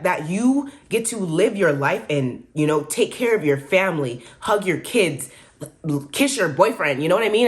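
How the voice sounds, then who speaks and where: Candid, encouraging woman vlogger, lowish voice. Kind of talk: casual motivational talk to camera.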